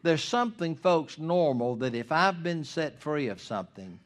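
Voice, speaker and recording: A man's voice: on the high side, sing-song, normal speed. A male pastor, preaching a sermon in a folksy style, acting out conversations and building to emphatic points. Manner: folksy preaching with quoted dialogue and rising emphasis.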